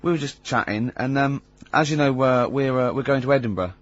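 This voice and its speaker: A man's voice: mid-range voice, a little fast, no echo. A man hosting a radio show, telling amused anecdotes in casual banter and teasing his co-hosts. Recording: slightly dull lo-fi radio recording.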